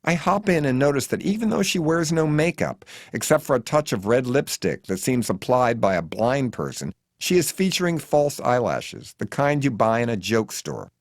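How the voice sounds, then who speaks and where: An American author narrates his own memoir as an audiobook in a mid-range voice at a moderate pace, barely pausing. His storytelling is wry and vivid with lively intonation, recorded cleanly in a studio with no echo.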